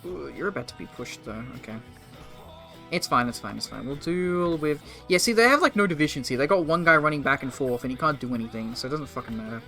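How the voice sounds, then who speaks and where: Young male streamer, bright profane chatter. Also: on the high side, quick pace, soft background music. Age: 20s. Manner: rambling, profane, joking with chat. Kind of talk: casual live gameplay commentary.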